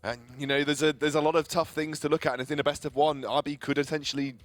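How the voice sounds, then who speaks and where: A man's voice: fairly high pitch, flat delivery, soft background music. A man co-casting esports, breaking down standings, often restarting phrases as he thinks. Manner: rapid, analytical, restarts phrases when thinking. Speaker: esports co-caster. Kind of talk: casual analysis chat on a live esports stream.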